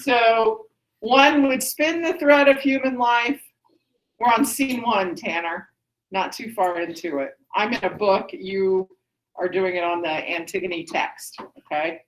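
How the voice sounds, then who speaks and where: A woman teacher explaining a play to students in a classroom, often checking with "okay?". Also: medium pitch. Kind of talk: classroom lesson. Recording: echoey classroom.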